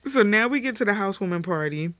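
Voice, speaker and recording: A tired woman chats through a reality show recap in loose, slangy talk full of fillers. Her voice sits at a middle pitch. It is recorded dry and close, with no room sound. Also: expressive, fast talker, a bit bright, no echo. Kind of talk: casual episode recap.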